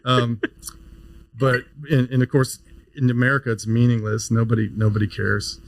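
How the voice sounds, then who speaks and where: A man in his fifties with a mid-pitched voice, telling an animated story as a podcast guest. He talks casually and often doubles back on his words. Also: moderate pace, a little hiss or hum, low-quality recording. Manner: animated storyteller, frequent restarts, laughs easily. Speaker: neurosurgeon guest.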